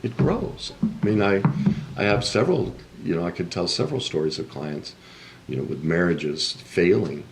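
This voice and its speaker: A man's voice: sits low, expressive, normal speed, a little hiss or hum. A man speaking as a relationship coach in a podcast interview, explaining things in an earnest, emphatic way.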